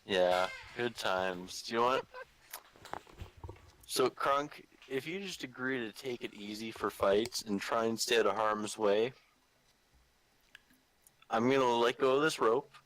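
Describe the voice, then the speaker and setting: A man playing in a tabletop game, talking in a halting, hesitant way. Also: mid-range voice, fairly bright tone, poor audio. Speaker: player. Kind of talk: tabletop role-play chat.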